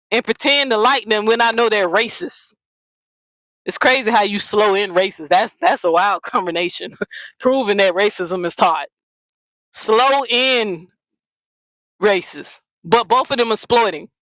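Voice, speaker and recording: A woman's voice: on the high side, a bit bright, no echo, low-quality recording. A woman hosting her own channel, delivering a blunt, profane, mocking rant straight to the camera. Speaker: channel host. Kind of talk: confrontational vlog rant.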